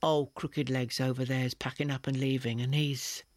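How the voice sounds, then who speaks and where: A man voicing a cheerful, sturdy market woman who talks in a hearty, loud way. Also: mid-range voice, level tone, normal speed, close to an everyday voice.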